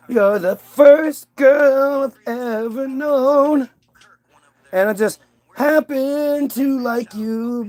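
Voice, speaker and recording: A man voicing a slow-witted, naked first man who speaks in broken, simple phrases. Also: no room sound. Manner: broken, simple speech, higher voice. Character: dim, naked caveman-like Adam, slow-witted.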